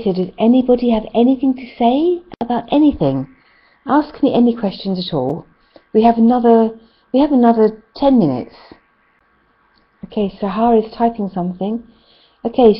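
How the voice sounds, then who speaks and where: A woman's voice: on the high side, expressive, brisk. A woman with a British accent, teaching an English class over a video call in a chatty way with frequent ums. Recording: slightly muffled call audio.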